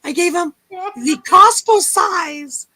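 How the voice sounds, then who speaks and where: A woman telling lively stories on a casual livestream chat and acting out the people in them. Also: extremely high pitch, slow. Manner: animated storyteller, acts out quotes. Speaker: guest storyteller.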